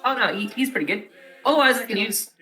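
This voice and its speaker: A man's voice: very high-pitched, animated, fast, bright, forceful tone, faint music behind. A man playing a tabletop role-playing game, in character, rambling and hesitant with lots of fillers.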